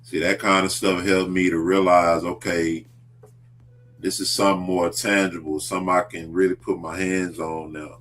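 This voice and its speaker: A man hosting a casual talk show about faith, speaking earnestly and deliberately. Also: low voice, little pitch movement, fairly bright tone, a little hiss or hum. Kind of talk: casual religious discussion.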